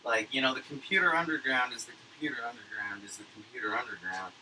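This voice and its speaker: A man's voice: mid-range voice, quick pace, sharp tone, slight background noise, low-quality recording. A man rambling through a casual, profanity-laced monologue as a livestreamer at home at his computer. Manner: rambling, profane, filler-heavy. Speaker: livestreamer recapping a conference.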